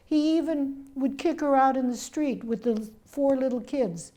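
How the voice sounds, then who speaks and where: An older woman and memoir author telling her family's story in an animated way, acting out the people she quotes. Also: high voice, a little slow, few pauses. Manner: animated, acts out quoted voices. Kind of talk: personal storytelling.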